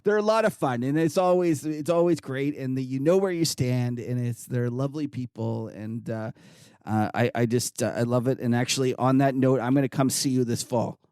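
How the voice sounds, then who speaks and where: A man's voice: mid-range voice, normal speed, smooth, no echo. Dry-sounding man telling stories. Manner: storytelling, laughs often, animated when retelling. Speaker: podcast host. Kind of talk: casual podcast chat.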